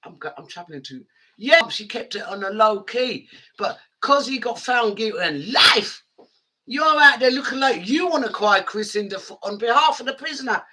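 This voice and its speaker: A woman's voice: a little high, lively intonation, normal speed, sharp tone, a little hiss or hum. A woman radio DJ, ranting angrily and addressing listeners directly. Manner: angry, indignant, direct address. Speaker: radio DJ and host.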